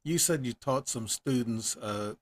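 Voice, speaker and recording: A man's voice: mid-range voice, measured pace. A man hosting an interview show, asking long stumbling questions in casual talk. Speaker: podcast host.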